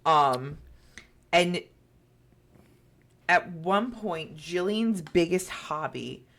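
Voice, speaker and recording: A woman's voice: lowish voice, expressive, drawn-out words, fairly bright tone. A woman co-hosting a podcast, telling a story in a chatty way with lots of fillers and acted-out quotes. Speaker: podcast co-host. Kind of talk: casual storytelling chat.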